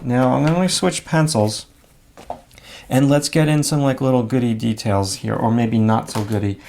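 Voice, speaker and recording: Low gravelly guy walking you through a drawing, chill, thinking out loud. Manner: relaxed, thinks aloud while drawing, many fillers. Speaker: drawing instructor. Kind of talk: live drawing demonstration.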